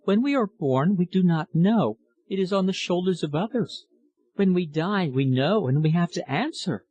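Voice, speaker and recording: A man's voice: on the high side, expressive, measured pace, a little mellow, no echo, highs cut off, pitched above the performer's own voice. A man voicing a frail, dying old woman who speaks in a fearful, trembling way.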